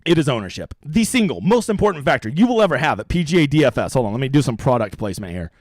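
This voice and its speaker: A man's voice: medium pitch, sing-song, very fast, no room sound, studio quality. A brash young man hosting a profane, rambling live stream about fantasy golf strategy.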